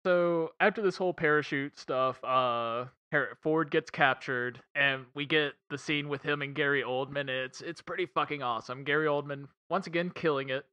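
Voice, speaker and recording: Man, casual film review chat, bright tense tone, rambling, laughing, swearing. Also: fairly high pitch, moderate pace, few pauses, smooth, highs cut off. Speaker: podcast co-host reviewing a film.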